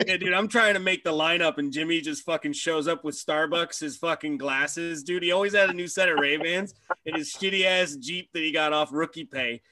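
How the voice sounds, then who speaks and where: Profane, bright-voiced man telling stories. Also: on the high side, normal speed, few pauses, no echo. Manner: profane, animated storytelling. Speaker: podcast co-host, former hockey player. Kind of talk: casual podcast chat.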